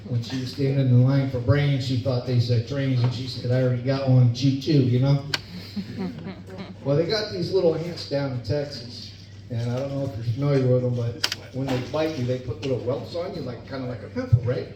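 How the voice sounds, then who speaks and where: A middle-aged man tells folksy family stories in a stand-up set, chuckling at his own punchlines. His voice sits at an ordinary pitch but comes through roomy and distant. Steady chatter and noise hang under the dull recording. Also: fairly quick. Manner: folksy storytelling, laughs at own jokes. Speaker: stand-up comedian. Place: club or bar stage. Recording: echoey room, distant mic, dull, noisy.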